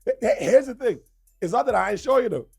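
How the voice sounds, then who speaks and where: A man's voice: extremely high pitch, fast, gravelly, breathy edge, faint music behind. A man co-hosting a radio show, telling stories in casual banter and laughing a lot, into a studio microphone. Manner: animated storytelling with lots of laughter.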